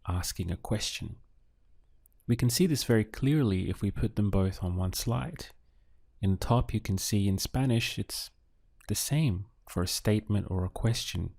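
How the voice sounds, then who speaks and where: Male tutor for lesson narration: unhurried, deliberate delivery, warm low tone. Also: vocal fry, no room sound. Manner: slow, deliberate, models Spanish phrases. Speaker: language teacher.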